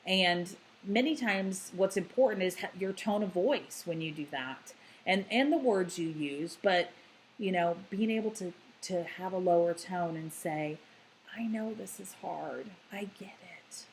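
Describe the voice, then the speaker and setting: Calm, lowish-voiced woman explaining gently. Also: measured pace, a little hiss or hum, low-quality recording. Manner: calm and explanatory, with frequent "you know" and "um" fillers; softens into a gentle, hushed voice when modelling words to a child. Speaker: child therapist giving parenting advice. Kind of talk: unscripted explanatory talk.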